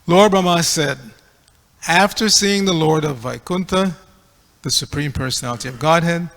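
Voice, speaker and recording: A man's voice: fairly high pitch, moderate pace, gravelly, fairly bright tone, in a large hall. A man giving a scripture class, reading aloud and correcting pronunciation in a teacherly way. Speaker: class speaker. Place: temple hall.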